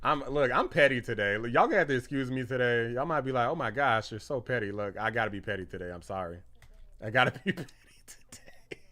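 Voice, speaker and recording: A man hosting a political live stream, reacting excitedly to posts and news, laughing and rambling between thoughts. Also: mid-range voice, fast. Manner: rambling with restarts and fillers. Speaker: political livestream host.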